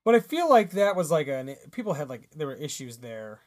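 A man's voice: on the high side, big pitch swings, a little fast, a little mellow. A man co-hosting a podcast in casual banter, easygoing, often giving short agreeing replies. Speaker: podcast co-host.

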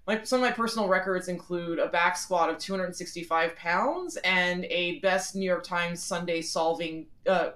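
A woman's voice: fairly low pitch, fairly bright tone. A woman in her forties from the Philadelphia area, a guest on a phone call, answering in a chatty, frank and self-deprecating way with many fillers. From Philadelphia area, USA. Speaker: interview guest. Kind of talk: conversational interview answers.

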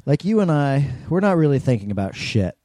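A man's voice: a little high, very animated, a little fast, mellow. A man co-hosting a podcast, swapping profane anecdotes in casual chat. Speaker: podcast co-host.

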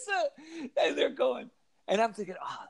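A man telling an animated story in a casual chat, acting out the voices of kids and of himself. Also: very high voice, normal speed, vocal fry, over a noisy crowd. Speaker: author and guest.

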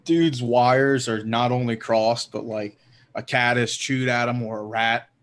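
A man's voice: mid-range voice, fairly even intonation, measured pace. A man co-hosting a casual hockey podcast, rambling and swearing freely, laughing often. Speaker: podcast co-host.

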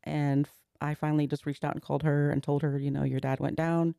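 Gravelly-voiced woman telling a personal story. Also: low voice, little pitch movement, fast, warm tone, dry recording, clean studio sound. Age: 40s. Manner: earnest, recounting events step by step and voicing others' words. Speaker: podcast guest.

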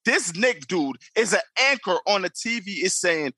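A man with a high, bright and slightly husky voice argues insistently on a podcast. He keeps repeating himself to hold his point. The sound is dry and close. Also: expressive, moderate pace, hardly any pauses. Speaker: podcast co-host. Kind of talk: heated casual debate.

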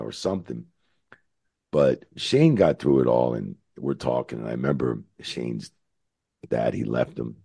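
Middle-aged American guest, very deep husky voice, animated storyteller who acts out quotes. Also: male voice. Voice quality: very deep gravelly voice. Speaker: former wrestling referee, guest. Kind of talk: storytelling interview answer.

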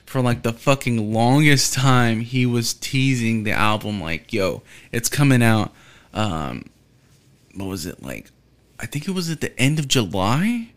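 This podcast host is a man whose middle-pitched voice swings widely in pitch as he talks a little slowly. His casual monologue wanders, full of restarts, "um"s, and effortless, constant profanity.

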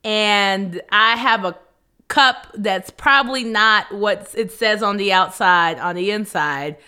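A young woman co-hosting a casual chat, playful and quick to laugh as she tells stories. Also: mid-range voice, sharp tone, clean tone. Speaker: podcast co-host.

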